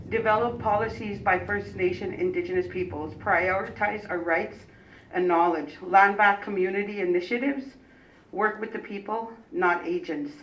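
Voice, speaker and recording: A woman's voice: medium pitch, a little slow, fairly bright tone, a little hiss or hum. A woman activist on a public panel, reading a prepared statement as a firm, declarative list of demands. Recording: roomy, distant, dull lo-fi sound.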